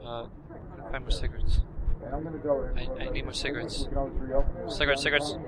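A man doing let's-play commentary, talking to himself in a frantic way and bursting out loudly. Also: mid-range voice, steady tone, moderate pace, a crowd in the background, rough recording. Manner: frantic self-talk with loud outbursts. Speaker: gaming commentator.

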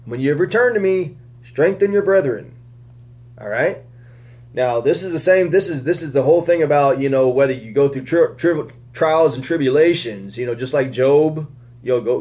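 A man's voice: mid-range voice, a little mellow. A man giving casual Bible teaching, rambling with many restarts and fillers.

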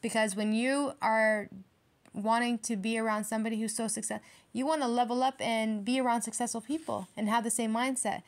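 Woman tarot reader, slightly high voice, brash and profane, casual vlog delivery. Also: fairly even intonation, fairly quick. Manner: brash, profane, emphatic, lots of swearing.

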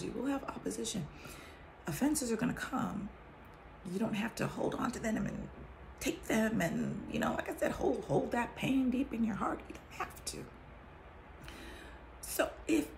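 A woman's voice: a little high, creaky, slight background noise. A woman giving a casual personal testimony in a candid, chatty way, acting out snippets of conversation and dropping to a whisper for asides. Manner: candid and chatty, acts out bits of talk, drops to a whisper for asides. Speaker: vlogger sharing her testimony.

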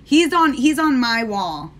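A woman's voice: high voice, sing-song, unhurried. An American woman hosting a casual live stream while doing her makeup, chatting sassily with her viewers. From United States. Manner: chatty, sassy, talks straight to viewers.

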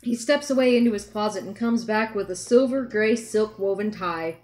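A woman narrates a novel in a steady, wry read, with joking asides between passages. Her pitch sits in the middle range for a woman. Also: moderate pace. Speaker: reader.

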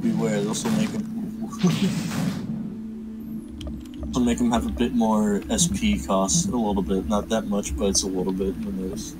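A man's voice: on the low side, level tone, measured pace, pauses often, rough recording. A man chatting casually over a game, giving gameplay tips with playful teasing and frequent giggles. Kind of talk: casual gaming chat. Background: game music.

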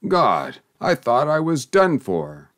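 A man voicing a pompous, self-important husband in an audiobook, loud and raucous. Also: fairly low pitch, very animated, unhurried. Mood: gasping agitation. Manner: raucous, haranguing.

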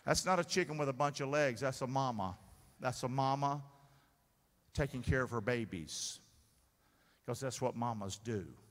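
A man preaching a sermon as pastor, energetic and calling for the congregation's responses. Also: mid-range voice, moderate pace, long pauses. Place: large church sanctuary. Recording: long hall reverb in church.

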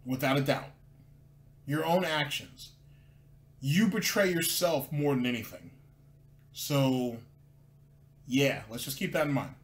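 A man's voice: mid-range voice, slow, long pauses. A man hosting a casual commentary show, reacting sarcastically to clips and often stumbling and repeating words as he talks. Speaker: commentary host.

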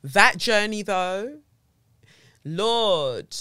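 A woman's voice: sits low, animated, normal speed, a bit bright, no echo. A woman with a London accent hosting her own podcast, chatting casually and animatedly, exclaiming and swearing freely, into a studio mic at home. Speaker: podcast host. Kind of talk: casual solo podcast chat.

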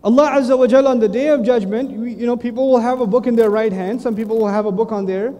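A middle-aged man preaching a lively sermon, often acting out the voices of the people in his stories. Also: very high-pitched, fast, highs cut off. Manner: animated, playful, acts out voices. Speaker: Islamic preacher and teacher. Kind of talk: lively sermon with acted quotes. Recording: long reverb of a large hall.

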